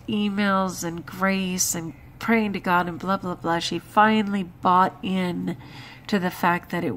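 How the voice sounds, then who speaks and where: A woman's voice: on the low side, a little hiss or hum. An exhausted woman talking through her day in a chatty, emphatic personal vlog. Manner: chatty, emphatic, with frequent laughs and exclamations. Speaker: vlogger.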